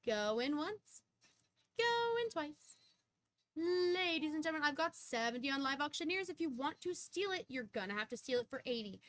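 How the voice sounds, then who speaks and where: A young woman with a high voice runs a live-stream coin auction. She rattles off prices and counts down bids in quick auctioneer patter, breaking into sudden bursts of excitement. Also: no room sound, faint music behind.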